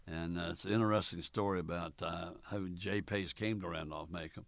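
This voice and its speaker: An older man who once coached college basketball tells stories for an oral history interview, folksy and unhurried, full of fillers and acting out the dialogue. His low voice holds a steady tone with vocal fry, and the recording is dry.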